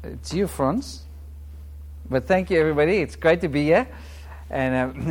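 A man in his thirties preaches in church, his voice sitting a little higher than most men's. He speaks with a flat-sounding accent and keeps a conversational tone, asking the congregation questions and chuckling as he goes. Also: moderate pace, pauses often. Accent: non-British English, self-described flat. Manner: warm, conversational preaching with laughs and audience questions. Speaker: guest preacher. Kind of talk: sermon and prayer.

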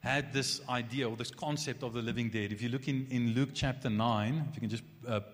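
A male pastor delivers a sermon in a conversational, animated way, often restarting his sentences and dropping in quick asides. His mid-pitched voice carries a long reverb from the hall around him.

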